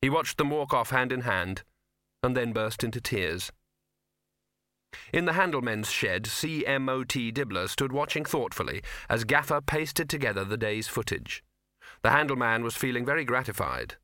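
Man narrating a novel, wry measured telling, crisp bright voice, no room sound. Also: mid-range voice, expressive, no room sound, studio quality. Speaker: audiobook narrator. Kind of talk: scripted narration.

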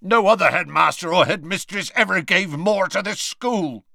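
A man voicing a huge, tearful half-giant groundskeeper with a croaky, gruff, rough-spoken manner. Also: high voice, sing-song, slow pace, bright, forceful tone, no echo, clean studio sound, pitched above the performer's own voice, heavily acted. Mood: growling. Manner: croaky, gruff, dropped-word dialect speech.

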